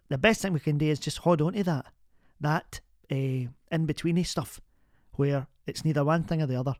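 A man's voice: a little high, no echo, studio quality, natural voice. A man playing a chatty female radio agony aunt who rambles in a homely, reassuring way. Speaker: advice show host. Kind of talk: comic radio phone-in sketch.

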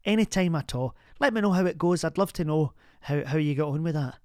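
A man's voice: fairly high pitch, expressive, a little fast, darkish tone, clear, resonant tone, dry recording, studio quality, close to an everyday voice. A man playing a chatty female radio agony aunt who rambles in a homely, reassuring way. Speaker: advice show host. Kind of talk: comic radio phone-in sketch.

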